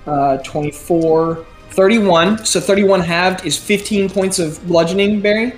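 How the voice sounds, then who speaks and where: A man narrating a tabletop game as game master, speaking haltingly with many ums and uhs. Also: high-pitched, fairly even intonation, faint music behind.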